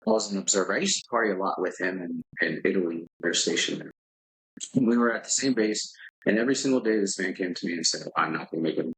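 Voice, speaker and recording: A man's voice: sits low, fast, a bit bright, slightly rough, poor audio. A man guesting on a podcast, telling a candid, rambling story and swearing casually. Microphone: podcast microphone.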